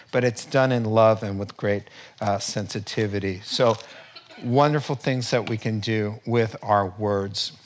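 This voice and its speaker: A man preaching a sermon from a church platform in a conversational, storytelling way with lively asides. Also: fairly low pitch. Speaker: pastor.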